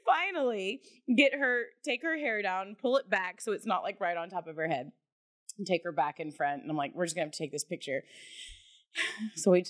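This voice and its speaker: A woman co-hosting a podcast, telling a story in a loose, animated way, laughing often and swearing casually. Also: mid-range voice, moderate pace. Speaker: podcast co-host.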